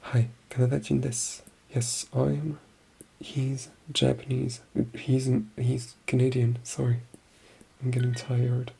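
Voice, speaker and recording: An ASMR creator talking in a soft-spoken ASMR ramble, murmuring and often slipping into a whisper, slowly repeating practice words to themselves. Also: medium pitch, level tone, vocal fry.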